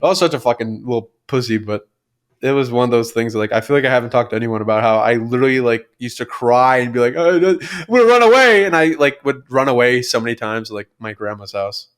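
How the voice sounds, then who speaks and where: A young podcast co-host with a medium-pitched, steady, clean voice tells childhood stories at a quick pace. His casual chat rambles along with plenty of fillers and swearing.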